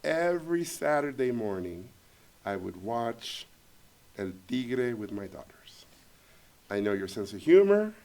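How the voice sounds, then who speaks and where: A man voicing an older male film producer who speaks in a low, quiet, measured way. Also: big pitch swings, full character voice. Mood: quietly blunt.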